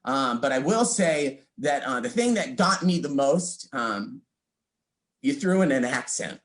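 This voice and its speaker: A man's voice: mid-range voice, animated, a little slow, fairly bright tone. A man hosting, giving teasing, mock-encouraging feedback on a comedy set. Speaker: show host giving feedback. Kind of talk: casual comedy critique.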